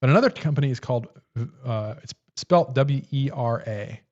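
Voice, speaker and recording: A man's voice: medium pitch, expressive, a little fast, a little mellow. Casual male co-host, rambly show-and-tell delivery, dull lo-fi stream sound. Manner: rambling, shows and demonstrates tools on camera. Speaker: livestream co-host. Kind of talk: casual livestream chat.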